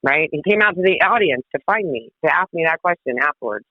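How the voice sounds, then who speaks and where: Lively woman telling stories on a phone line. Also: deep voice, fast talker, dry recording. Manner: lively, laughing, swearing freely. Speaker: guest. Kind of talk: casual storytelling. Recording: tinny phone-like line, dry.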